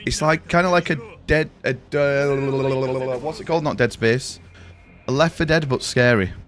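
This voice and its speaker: Here the young British man speaks at a measured pace, his medium-pitched voice fairly bright, over slight background noise. He chats casually and sweary with his stream, calling them boys and mate.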